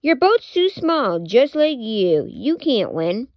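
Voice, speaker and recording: A woman voicing a boastful, snippy young male horse in a slightly lower voice. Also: animated, moderate pace, no echo, lo-fi sound, lightly acted.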